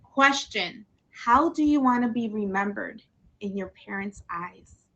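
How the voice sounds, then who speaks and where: Bright-voiced effusive woman host. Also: mid-range voice, expressive, measured pace, muffled recording. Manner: emotional, effusive, says "y'all" often. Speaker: podcast host. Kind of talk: casual livestream chat.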